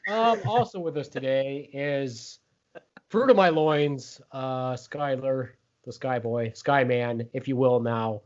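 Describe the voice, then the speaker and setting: A man's voice: medium pitch, slow. A middle-aged man hosting a podcast, teasing his co-hosts and hyping them up in casual chat. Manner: playful, teasing, hypes up the crew. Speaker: podcast host. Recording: dull lo-fi podcast audio.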